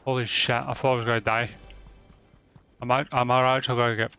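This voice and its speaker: A man's voice: medium pitch, little pitch movement, brisk, pauses often, sharp tone, smooth. A man giving angry, swearing commentary while playing a shooter game. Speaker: gamer. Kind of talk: gameplay commentary.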